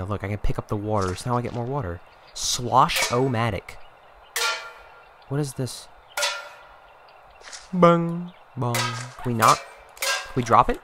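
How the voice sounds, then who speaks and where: A man's voice: mid-range voice, pushed and bright, slight background noise. A man giving profane, exasperated running commentary while playing a game, joking and scolding his character. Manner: jokey, talks to the game character. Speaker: gaming channel host. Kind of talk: gameplay commentary.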